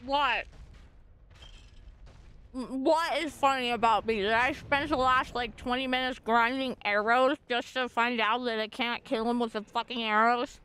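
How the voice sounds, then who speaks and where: A woman streaming a video game live, giving casual commentary in an excitable way, swearing often and erupting in frustrated outbursts. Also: fairly high pitch, unhurried, clean tone.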